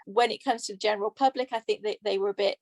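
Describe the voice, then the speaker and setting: A woman's voice: mid-range voice, fairly even intonation, fast, darkish tone, no room sound. Chatty English woman, dry close sound. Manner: chatty, laughs often, trailing restarts. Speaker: author guest. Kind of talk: casual podcast chat.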